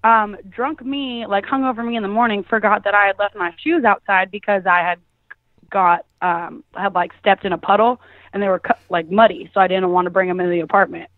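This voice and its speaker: A woman's voice: mid-range voice, steady tone, brisk, no room sound. A young woman calling in and chatting away as she tells a story, laughing often and filling her talk with "like.". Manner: chatty, laughing, lots of "like" fillers. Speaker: caller guest. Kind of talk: casual storytelling. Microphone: phone. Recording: tinny phone line.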